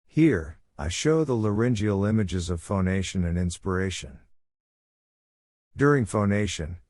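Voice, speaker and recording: A man's voice: sits low, darkish tone, no room sound. A middle-aged man from Japan with a Japanese accent, giving a prepared conference lecture as a physician and reading steadily from his slides. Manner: measured, reads steadily from slides.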